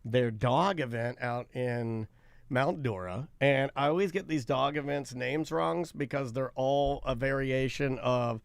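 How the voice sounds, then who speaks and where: A man's voice: medium pitch, unhurried, gravelly, clean tone, no echo. A man co-hosting a casual talk show, telling rambling, self-mocking stories. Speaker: radio show co-host. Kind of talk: casual chat.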